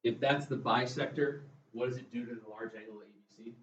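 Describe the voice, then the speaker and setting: A man's voice: mid-range voice, fairly even intonation, brisk. A male math teacher giving a classroom lecture, chatty and drifting into jokey asides. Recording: echoey classroom, mic far off, muffled, faint room noise.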